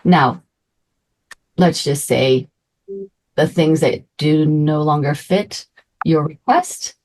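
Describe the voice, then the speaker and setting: A middle-aged woman coaches a spiritual group in a slow, unhurried flow. Her voice sits low for a woman. She is effusive and emotional, and now and then drops into soft, breathy asides. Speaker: meditation and manifestation coach.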